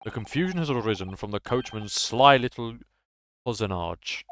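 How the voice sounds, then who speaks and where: Aloof, sneering nobleman lawyer in a game, low and unhurried, read by a male streamer. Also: lively intonation, fairly bright tone, slight background noise. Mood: disdainful. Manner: slow, disdainful, low-voiced. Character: cold haughty aristocratic male prosecutor.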